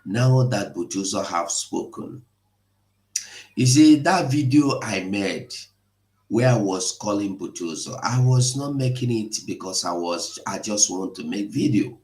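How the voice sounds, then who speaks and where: Slow, impassioned man in echoey room. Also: lowish voice, animated. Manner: emotional, pleading, rising to shouts. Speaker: online broadcast host. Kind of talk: impassioned live broadcast.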